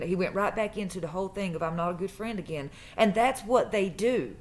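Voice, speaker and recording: A woman's voice: mid-range voice, brisk. A woman, telling a personal story in a casual, emphatic way and repeating phrases for stress. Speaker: true crime vlogger.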